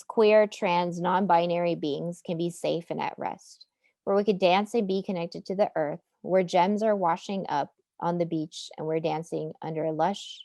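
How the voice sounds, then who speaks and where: Over a video call, a woman artist gives a prepared webinar presentation in a lowish, creaky, darkish voice with no room sound. She speaks earnestly and with passion, building to a rallying close.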